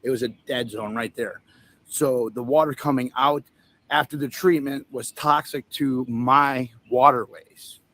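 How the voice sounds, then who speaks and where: Hosting a livestream at an outdoor event with a tent, a man rambles casually and profanely, telling stories and laughing at his own jokes. His mid-range voice is a bit bright, fairly even in intonation, and unhurried.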